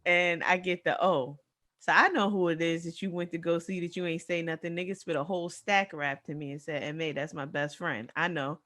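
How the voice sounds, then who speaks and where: A woman's voice: on the low side, steady tone, a bit bright. A woman co-hosting a casual podcast chat, chiming in with blunt reactions and her own stories. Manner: quick hype reactions and blunt commentary. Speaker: podcast co-host.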